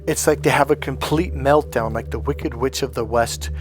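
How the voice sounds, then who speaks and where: A man's voice: mid-range voice, fairly even intonation, normal speed, music in the background. Blunt emphatic male life coach. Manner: blunt and emphatic, acts out quoted voices. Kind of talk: motivational monologue.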